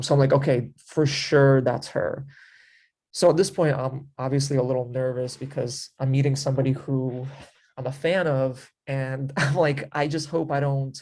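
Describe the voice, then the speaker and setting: A man of ordinary pitch tells a story in loose, easygoing chat. His talk wanders and fills up with little fillers. Now and then he slips into quoting what he said back then. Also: a little mellow. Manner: rambling, filler-heavy with frequent 'like' and 'you know'; acts out his own past remarks in quotes. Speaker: interview guest telling a story. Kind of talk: casual storytelling.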